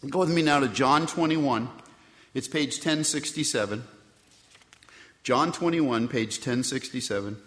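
A man's voice: medium pitch, unhurried, pauses often, a bit bright. Preaching man in a reverberant church hall. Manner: conversational preaching with rhetorical questions and acted-out quotes. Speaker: pastor. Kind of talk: sermon. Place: church sanctuary. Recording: long reverb from a large hall.

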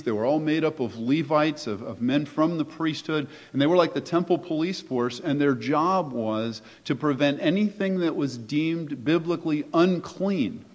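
A man preaching a sermon as pastor, conversational and emphatic, posing rhetorical questions to his listeners. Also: fairly high pitch. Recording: echoey hall, dull lo-fi sound.

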